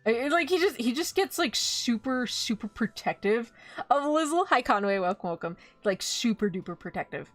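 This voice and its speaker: A woman streaming live, casually recapping an anime, animated and swearing freely as she acts out quick quotes. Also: on the high side, no room sound, soft background music. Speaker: VTuber streamer.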